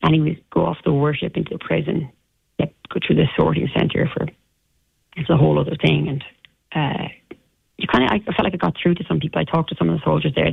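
An Irish woman, an interview guest, recounting an ordeal in a halting way with many restarts, heard over a tinny phone line. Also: low voice, creaky, husky, dry recording. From Ireland.

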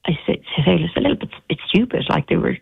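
Gravelly Irish woman on a phone line. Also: on the low side, big pitch swings, dry recording. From Ireland. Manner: halting, with many restarts. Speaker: interview guest. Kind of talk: recounting an ordeal in an interview.

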